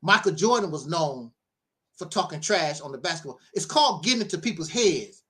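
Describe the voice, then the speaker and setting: Animated, lively-voiced storytelling man. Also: fairly high pitch, brisk. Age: middle-aged. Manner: animated storyteller, laughs often, preachy asides. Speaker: minister. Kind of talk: casual spoken monologue.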